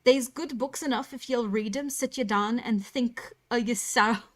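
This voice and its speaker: A woman voicing a surly, preachy old manservant who croaks in a slow, scolding mock rustic dialect. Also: fairly high pitch, close to an everyday voice.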